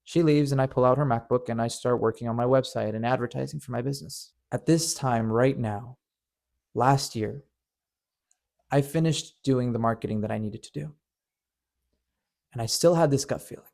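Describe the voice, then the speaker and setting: A man's voice: mid-range voice, normal speed, vocal fry, pauses often, a little mellow. A man narrating a painful personal story in an earnest, emotional way, often stammering and repeating words. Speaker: storyteller and channel host.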